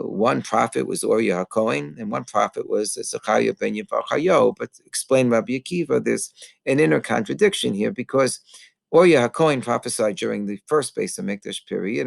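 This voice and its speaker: A man, a rabbi, giving an earnest teaching sermon, pausing often with fillers and mixing in Hebrew terms. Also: mid-range voice, gravelly, slightly rough, no room sound. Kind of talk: Tisha B'Av sermon.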